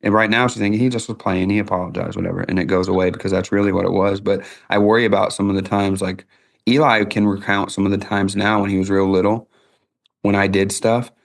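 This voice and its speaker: Male podcast host, middle-aged, gravelly low voice, folksy storyteller. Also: little pitch movement, fast. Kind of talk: casual podcast interview.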